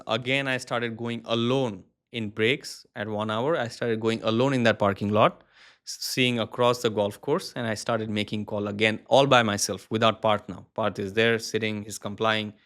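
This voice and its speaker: A man who founded an agency, telling his story as an interview guest, lively and acting out what others said. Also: lowish voice. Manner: animated, acts out other people's words while telling stories.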